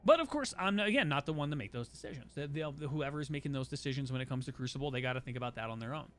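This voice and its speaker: A man's voice: mid-range voice, animated, very fast, a little hiss or hum. A man chatting casually on a gaming livestream, opinionated and rambling with frequent restarts, his voice tiring from a long day of talking. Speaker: streamer.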